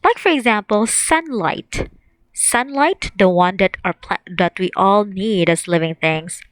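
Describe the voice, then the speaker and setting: A woman giving a recorded language lesson at a slow, careful pace, saying each word twice so learners can repeat after her. Her voice is mid-pitched and sounds dry and close to the mic. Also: dry recording, rough recording. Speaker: teacher.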